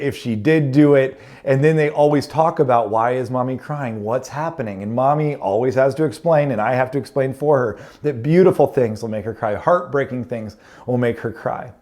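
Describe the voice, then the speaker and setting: A man's voice: mid-range voice, moderate pace, warm tone. A man in his thirties, a pastor telling a family story in a sermon with humorous, self-deprecating asides.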